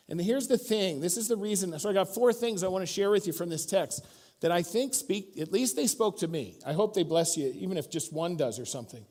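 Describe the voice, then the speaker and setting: A man's voice: high-pitched, fairly quick. A middle-aged male pastor preaching a sermon, telling stories and acting out the quotes in them. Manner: storytelling, animated, acts out quotes. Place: church.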